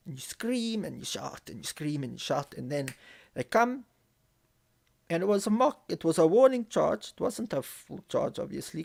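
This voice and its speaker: A man's voice: mid-range voice, creaky. A man casually telling a story on a live stream, swearing often and repeating phrases as he builds tension. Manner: profane, vivid storyteller who repeats phrases.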